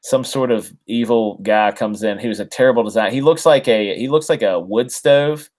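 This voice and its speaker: A man's voice: medium pitch, normal speed, a little mellow. A man co-hosting a casual comics podcast, recapping a story with lots of ums and restarts. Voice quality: rambling, many fillers. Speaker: podcast co-host. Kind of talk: casual chat.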